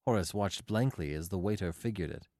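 A male audiobook narrator reading literary fiction in an expressive, measured way. His pitch moves a lot, and the recording is dry and close. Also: no room sound.

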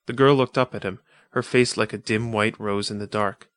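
A man reading an adventure story aloud in a measured, atmospheric manner. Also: fairly low pitch, fairly even intonation, fairly bright tone, dry recording. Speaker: audiobook narrator. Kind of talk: scripted narration of a pulp adventure story.

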